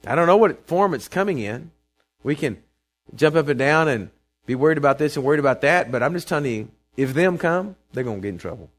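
A man, preaching a sermon to his congregation, emphatic and calling for responses, swinging between loud proclamations and quiet asides. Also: fairly high pitch, lively intonation, fairly quick. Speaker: pastor. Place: church sanctuary before a congregation.

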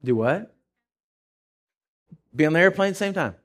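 A man's voice: a little high, lively intonation, moderate pace, fairly bright tone. A man preaching a sermon, telling a story in a conversational way and building to emphatic, repeated declarations. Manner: conversational with frequent fillers and restarts.

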